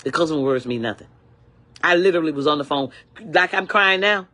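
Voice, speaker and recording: An older woman's low, somewhat bright voice moves fairly quickly through an angry vlog rant. She complains with indignant, preachy emphasis and says the same things repeatedly.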